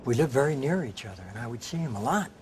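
A man in a documentary interview, telling animated anecdotes and imitating voices. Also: medium pitch, quick pace, a little hiss or hum. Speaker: interviewee, actor.

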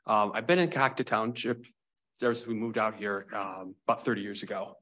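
A man making a public comment at a board meeting, emotional and pleading, speaking haltingly. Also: fairly low pitch, a bit bright. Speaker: member of the public.

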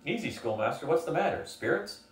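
A man's voice: on the high side, very animated, a little fast, voice pushed up. An older man voicing a bold, bearded adventurer with a hearty, easygoing manner. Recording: roomy, from a distance.

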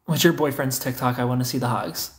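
A young man talks casually to his livestream viewers. He reads their comments aloud and teases them in a joking way. His voice sits in an ordinary middle pitch. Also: fairly even intonation, fast talker. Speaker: livestream host reading chat.

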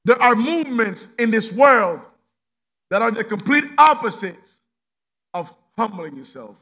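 A male pastor preaching a sermon with passion, swinging from loud emphatic peaks to hushed low passages and repeating rhetorical questions. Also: big pitch swings, a little slow.

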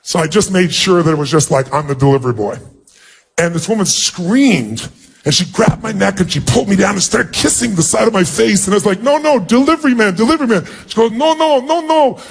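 Brisk and creaky, with lively intonation, a man shares an emotional personal story as a motivational speaker. He's earnest, and his pitch rises whenever he acts out dialogue. There's slight background noise.

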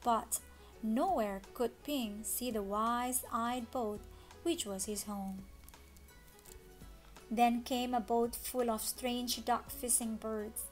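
A woman reading a children's story aloud, expressive with dramatic gasps. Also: on the high side, takes it slowly, soft background music. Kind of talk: children's read-along story.

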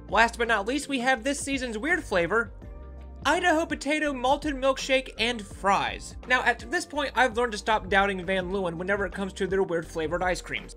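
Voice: medium pitch, fairly bright tone. A food vlogger giving a casual taste-test review, upbeat and enthusiastic, talking straight to the viewers.

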